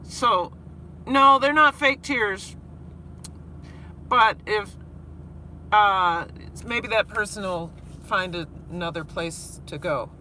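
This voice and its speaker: A woman who teaches high school, vlogging live while worn out after crying, talking earnestly with halting restarts as she reads her chat. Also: pushed and bright, slight background noise. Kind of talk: live-stream vlog, reading chat.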